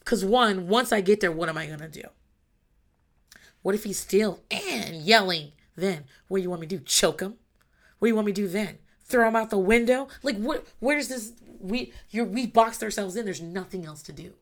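A woman's voice: medium pitch, fairly quick. A mother in her thirties talking candidly about parenting, blunt and emphatic, swearing freely. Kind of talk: casual monologue.

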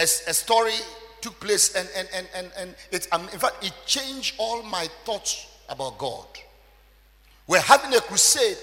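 High-pitched, bright preaching man in a hall. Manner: preaching, swinging between loud shouted emphasis and quiet low asides. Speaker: pastor. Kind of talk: sermon.

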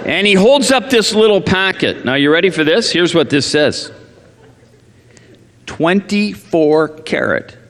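A man's voice: sits high, moderate pace, hardly any pauses. A male pastor praying earnestly, then telling a self-deprecating, humorous story from the pulpit. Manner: earnest in prayer, animated and self-deprecating in anecdotes. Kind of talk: sermon with prayer and humorous storytelling. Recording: echoey church hall.

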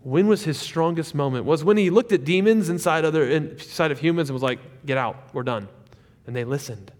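A man's voice: on the high side, fairly quick. Preaching man with a ringing hall sound. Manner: animated preaching that swings from loud peaks to quiet asides. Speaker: pastor. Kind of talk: sermon.

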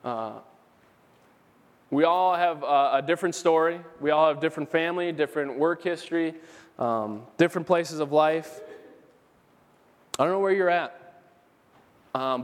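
A male pastor preaching a sermon, repeating his key phrases for emphasis and reading scripture aloud. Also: on the high side. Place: church sanctuary. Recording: church sermon with a long hall reverb.

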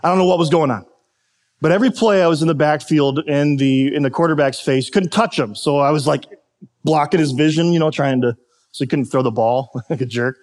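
Male pastor, fairly high voice, sermon told through a story. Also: brisk. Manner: storytelling, animated when quoting coaches.

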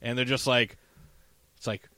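A man's voice: mid-range voice, normal speed, no echo. Swearing man retelling a movie. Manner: animated retelling, swears freely. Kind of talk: casual movie recap chat.

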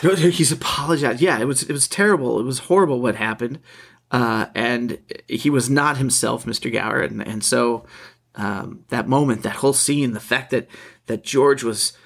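A man co-hosting a casual film discussion, halting and restarting as he searches for his words. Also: medium pitch, creaky, a bit bright, husky. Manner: halting, repeats words while searching for thoughts. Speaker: podcast co-host.

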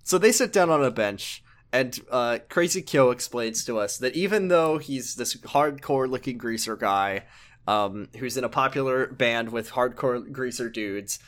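A man's voice: medium pitch, a little slow, a bit bright. A young man casually recapping a video game's story as a podcast co-host, joking and rambling with fillers. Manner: jokey, rambling, lots of fillers. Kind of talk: casual chat.

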